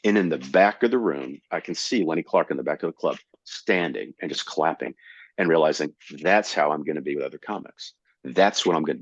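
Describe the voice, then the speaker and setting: A man in his sixties from Florida, a comedian guest telling animated stories in casual conversation. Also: extremely low pitch, no echo. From Tampa, Florida. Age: 60s. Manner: animated storyteller. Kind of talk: casual storytelling. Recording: dull, slightly lo-fi dry recording.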